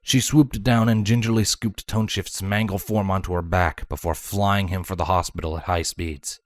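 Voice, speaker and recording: A man reading fan fiction aloud as storybook narration, measured and dramatic. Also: deep voice, fairly even intonation, no room sound, studio quality. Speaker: fanfiction reader.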